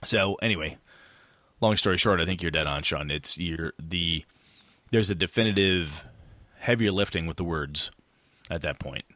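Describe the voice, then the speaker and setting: A man's voice: low-pitched, moderate pace, long pauses, pushed and bright, no echo. A man co-hosting a casual gaming podcast, talking frankly and swearing now and then. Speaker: podcast co-host.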